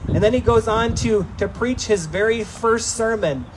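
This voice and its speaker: High-voiced pastor preaching emphatically. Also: male voice, background noise. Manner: emphatic preaching, slowing for scripture, acting out voices. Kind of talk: sermon.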